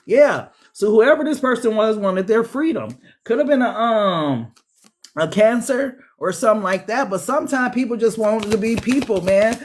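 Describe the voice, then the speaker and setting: A man giving a casual tarot reading, profane and animated, calling his viewers beloved. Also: high voice, moderate pace. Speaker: tarot reader.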